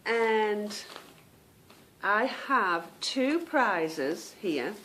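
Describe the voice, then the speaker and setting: A woman's voice: medium pitch, expressive, very slow, a bit bright, slight background noise. A woman hosting a podcast, chatting casually at home and calling her listeners "girl" and "girlies". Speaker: podcast host. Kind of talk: casual chat.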